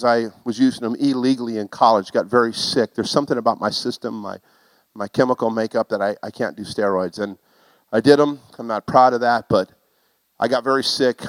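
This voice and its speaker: Man, middle-aged preacher, sermon story, lively self-mocking humor, mid pitch, dry close sound. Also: normal speed, dry recording, rough recording. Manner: animated, self-mocking humor that builds to loud exclamations.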